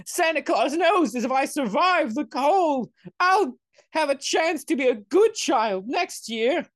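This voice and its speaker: A man's voice: very high voice, expressive, measured pace, no echo, studio quality, voice pushed up. A man voicing a frightened poor little child who cries out in frantic squeals. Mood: hopeful.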